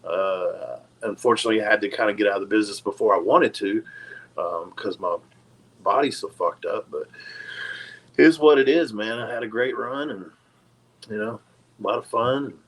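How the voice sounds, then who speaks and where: A man's voice: on the low side, moderate pace, long pauses, a bit bright, low-quality recording. A middle-aged man, a retired wrestler and podcast guest, telling stories in a casual, profane, laid-back way. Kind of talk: casual storytelling.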